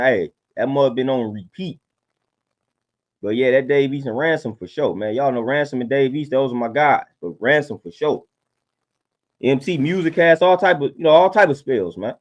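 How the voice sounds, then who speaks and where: A man's voice: mid-range voice, normal speed, highs cut off. A man talking casually on a livestream, laid-back and preachy, often repeating his points. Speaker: livestream host.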